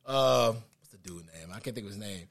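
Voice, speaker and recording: A man co-hosting a sports podcast, talking animated and quick in casual chat. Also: creaky. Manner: animated, quick, jumping pitch. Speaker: podcast co-host.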